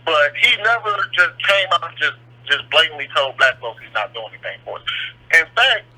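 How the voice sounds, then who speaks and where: A man's voice: on the high side, very animated, normal speed, sharp tone. Young man rambling on a phone line. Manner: rambling, hesitant with fillers. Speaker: caller. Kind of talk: call-in phone conversation.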